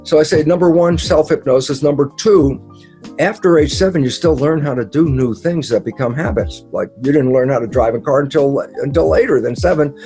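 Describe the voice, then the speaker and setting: Animated man with a mellow voice. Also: brisk, soft background music. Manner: animated, acts out quoted dialogue with sudden pitch jumps; casual, mild swearing. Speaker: interview guest explaining ideas. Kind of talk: explanatory interview talk.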